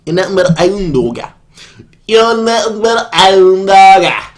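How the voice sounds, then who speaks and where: A man doing a rough impression of a famous rock-and-roll singer, belting a lyric over and over in a strained, cracking high voice. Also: expressive, normal speed.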